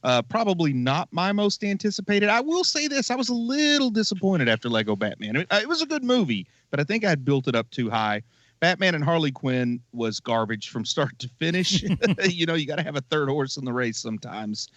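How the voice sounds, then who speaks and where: A man's voice: fairly high pitch, very animated, brisk, a bit bright, dry recording. A man giving his opinions wryly as a co-host on a casual movie podcast. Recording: slightly dull lo-fi audio.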